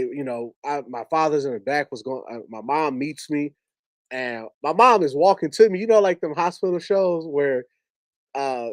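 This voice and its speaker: Man, slightly higher voice, dry close sound, emotional storytelling, repeats himself. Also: no room sound. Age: adult with a wife and two young kids. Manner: emotional, repetitive, with many restarts. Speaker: speaker sharing a personal grief story. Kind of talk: heartfelt storytelling to an audience.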